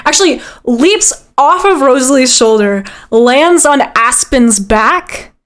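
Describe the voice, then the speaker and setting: A woman running a tabletop game as game master, narrating in a playful, animated way. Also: sits high, takes it slowly.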